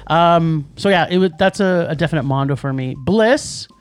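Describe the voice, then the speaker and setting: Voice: mid-range voice, normal speed, clean tone, faint music behind. A podcast co-host reviewing movies in casual chat, enthusiastic and rambling, often restarting sentences.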